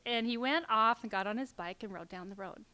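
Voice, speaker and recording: A middle-aged woman telling a personal story to an audience, halting and filler-heavy, sometimes dropping to a near whisper. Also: a little high, bright, forceful tone, clean tone.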